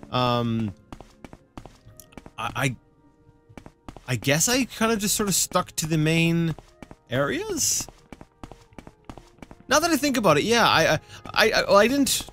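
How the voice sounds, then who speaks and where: Bright rambling man narrating gameplay. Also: on the high side. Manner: rambling, stammers and repeats words. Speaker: let's play host. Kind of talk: casual gameplay commentary.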